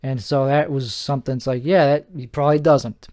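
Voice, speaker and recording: A man's voice: medium pitch, fairly even intonation, brisk, darkish tone. A tired man rambling on his solo podcast at home, meandering, self-deprecating and often trailing off mid-sentence. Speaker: podcast host.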